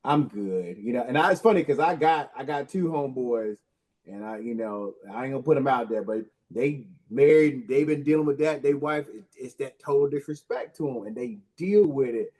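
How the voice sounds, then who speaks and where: A man's voice: medium pitch, animated, moderate pace, a little mellow. A male panelist, laid-back, swearing casually and stammering into his points.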